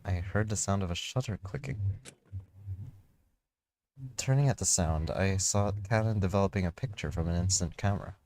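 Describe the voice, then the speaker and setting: A man's voice: sits low, normal speed, long pauses, darkish tone, slight background noise. A man reading a first-person visual novel story aloud, casually, with slips and restarts.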